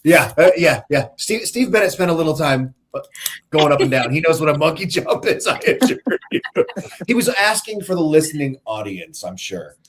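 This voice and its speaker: A man's voice: fairly high pitch, big pitch swings, normal speed, fairly bright tone, slight background noise. A man hosting a casual radio talk show who laughs along with his guests and steers the conversation.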